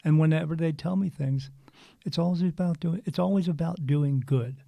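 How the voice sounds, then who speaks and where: Earnest gravelly man telling a story. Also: on the high side, moderate pace, no echo. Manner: earnest, animated storyteller with frequent restarts. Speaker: spiritual medium guest. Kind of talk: casual storytelling interview.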